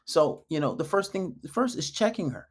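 A man's voice: a little high, lively intonation, normal speed, breathy edge. A man giving dating advice in a casual monologue, blunt and emphatic, often acting out quoted dialogue. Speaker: dating coach.

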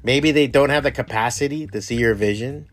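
A man's voice: mid-range voice, a little fast, faint music behind. A man with Cuban family roots giving a blunt, rambling pep talk full of swearing. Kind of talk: casual motivational monologue.

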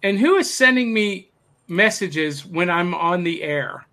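A man hosting a podcast over a video call, reading out listener comments in a relaxed, chatty way. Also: high voice, measured pace. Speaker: podcast host.

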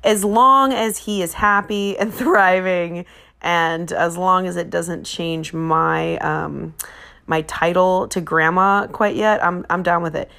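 A woman's voice: on the low side, fairly even intonation, takes it slowly, gravelly, a bit bright. A woman, chatting on her podcast in a rambling way, full of fillers and self-corrections. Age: 40s. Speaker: podcast host. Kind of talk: casual chat.

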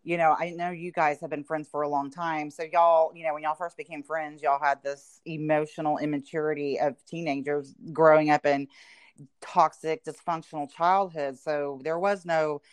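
Low-voiced woman chatting reflectively. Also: level tone, normal speed, clean tone, dry recording. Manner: reflective, speaks in southern "y'all", many "you know" fillers. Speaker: podcast co-host. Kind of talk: casual chat.

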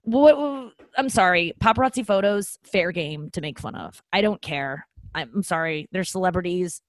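An American comedian in her thirties hosts her own podcast solo, rambling candidly, poking fun at herself, and swearing now and then. Her voice is lowish, her pace moderate, and there's no room sound.

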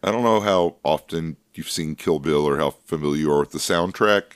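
A man with a very low, deep voice trades laid-back, joking comments about a film on a podcast. He hedges a lot and stops to search for words. His voice is recorded close and dry. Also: a little fast, smooth, dry recording. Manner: laid-back, wry asides with many hedges and fillers. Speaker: podcast co-host. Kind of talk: casual film discussion podcast.

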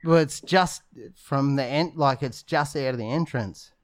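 Swearing Aussie podcast host. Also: male voice, medium pitch, measured pace, no room sound, clean studio sound. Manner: profane, blunt. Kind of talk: casual chat.

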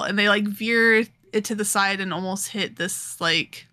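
A woman's voice: mid-range voice, fairly even intonation, pushed and bright. A young woman co-hosting a podcast, recapping a manga in casual chat, laughing often and acting out the characters' lines. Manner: giggly, acts out characters' lines in quick voices. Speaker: podcast co-host.

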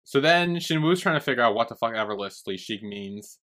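A man's voice: mid-range voice, expressive, brisk, pushed and bright. A young man co-hosting a podcast, chatty and retelling scenes with frequent swearing. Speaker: podcast co-host. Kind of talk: casual chat.

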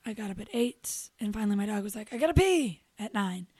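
A young adult woman co-hosting a show, telling a story in casual chat, animated and profane, acting out what people said. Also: mid-range voice, quick pace, breathy edge, no echo. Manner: animated, profane, acts out quotes. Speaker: radio show co-host.

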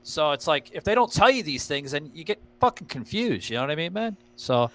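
A man's voice: on the high side, sing-song, fairly quick, bright, forceful tone. A man hosting a podcast, telling stories in a rambling, profane way with lots of fillers. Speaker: podcast host. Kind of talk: casual podcast chat.

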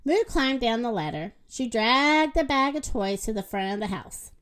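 A woman reading a children's picture book aloud in a slow, expressive way. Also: a little high. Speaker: storyteller.

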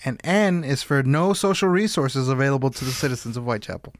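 A man co-hosting a comedy podcast, riffing with sarcastic jokes and animated outbursts. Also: medium pitch, fast talker, no echo, clean studio sound. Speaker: podcast co-host. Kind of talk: comedic casual banter.

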